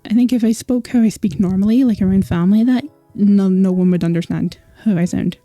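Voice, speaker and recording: A woman's voice: mid-range voice, a little fast, warm tone, no room sound, soft background music. A young Scottish woman streaming, chatting casually with viewers and laughing often. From Scotland. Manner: chatty, laughing, filler-heavy.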